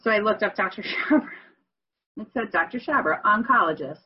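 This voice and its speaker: A woman's voice: mid-range voice, expressive, a little fast, breathy edge, dull audio. A woman candidly sharing a personal story in a group call, rambling and correcting herself as she goes. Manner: rambling, self-correcting, emotional.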